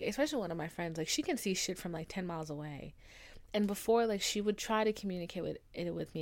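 A young woman talks alone into her podcast mic in a relaxed, unscripted way. Her voice sits at an ordinary middle pitch for a woman. She is candid and chatty, leaning on "like" as filler and dropping the occasional curse. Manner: frank and chatty, swears, many "like" fillers; affectionate sign-off, calls listeners babes and honey. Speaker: podcast host. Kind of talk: casual solo podcast talk.

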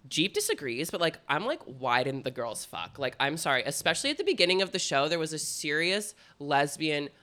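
A young man co-hosting a podcast in loose, frank chat. His voice is bright and forceful. He rambles, leaning hard on "like" as he goes. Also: a little high, big pitch swings, brisk. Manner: frank, rambling, heavy use of "like". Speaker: podcast co-host. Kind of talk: casual chat.

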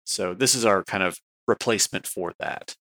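A man's voice: low voice, normal speed, bright, forceful tone, no room sound. A man co-hosting a casual fan podcast, easygoing and fond of "you know". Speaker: podcast co-host.

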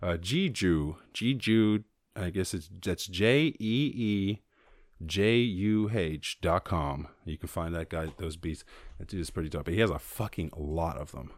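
A man's voice: sits low, measured pace, dry recording, clean studio sound. A man hosting his own show, freestyling raps full of swearing, then chatting loosely and laughing at himself. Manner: profane, rambling, laughs at himself. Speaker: show host. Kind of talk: freestyle rapping and casual outro chat. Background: beat music playing.

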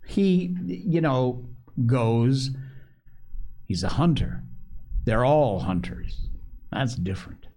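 A man's voice: medium pitch, very animated, slow pace, long pauses, mellow. A man voicing a young boy leader, frustrated and clipped.

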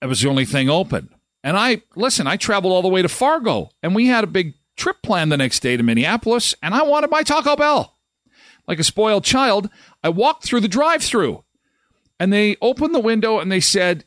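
A man's voice: high-pitched, very animated, fairly quick, a bit bright, dry recording, studio quality. A middle-aged man hosting a live daily show, telling a funny story casually. His voice jumps up when he retells the moments that annoyed him.

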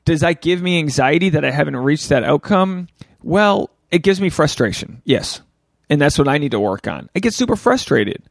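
A man talks alone into his podcast mic, rambling and openly reflective, cursing casually and circling back on his own sentences. His voice has a gravelly edge, heard dry and close with no room around it. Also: fairly high pitch, expressive, normal speed, no room sound. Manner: rambling, candid and profane; self-reflective, often restarts thoughts. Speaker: podcast host. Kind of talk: solo podcast rant.

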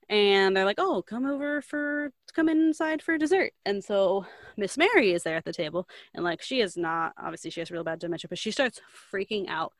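Young woman, co-host type, low-ish voice, dry close sound, loose chatty storyteller who leans on "like". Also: a bit bright, no echo. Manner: rambling, heavy use of "like", loose slangy asides. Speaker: podcast co-host recapping a book. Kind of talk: casual storytelling chat.

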